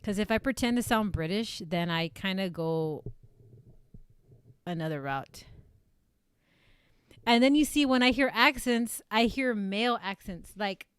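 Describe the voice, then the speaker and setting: A woman's voice: mid-range voice, unhurried, long pauses, fairly bright tone, clean tone, no echo, clean studio sound. A woman voice actress chatting casually on a livestream, rambling with lots of fillers and self-corrections. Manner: reads viewer comments aloud. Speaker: streamer and voice actress.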